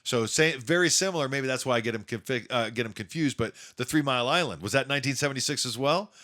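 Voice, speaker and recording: A man co-hosting a podcast in casual chat, animated and quick to joke and laugh. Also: mid-range voice. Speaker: podcast co-host.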